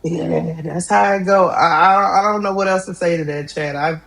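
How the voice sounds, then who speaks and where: A middle-aged woman hosting a live sports talk stream, animated and exclamatory, laughing often. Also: on the low side, moderate pace, vocal fry, low-quality recording. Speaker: sports talk show host.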